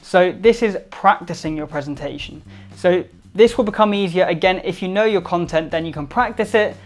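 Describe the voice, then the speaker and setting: A man giving upbeat instructional tips to camera, emphatic and varying his loudness to stress points. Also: high voice, normal speed. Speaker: presentation skills vlogger.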